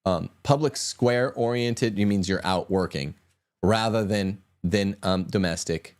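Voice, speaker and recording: A man's voice: lowish voice, measured pace. A man hosting a podcast, talking in an emphatic, combative way with sweeping asides. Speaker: podcast host. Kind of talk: opinionated podcast talk.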